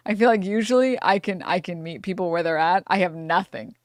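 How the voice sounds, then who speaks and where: A woman's voice: lowish voice, moderate pace, no room sound, clean studio sound. A young woman streamer ranting angrily in a profane reaction commentary, breaking into laughter between outbursts.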